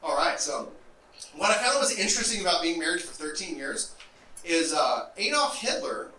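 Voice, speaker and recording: High, lively stand-up comic man in a roomy club. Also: moderate pace. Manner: deadpan setups with wry asides. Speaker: stand-up comedian. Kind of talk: stand-up set. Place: comedy club stage. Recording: roomy, distant live club recording with noise.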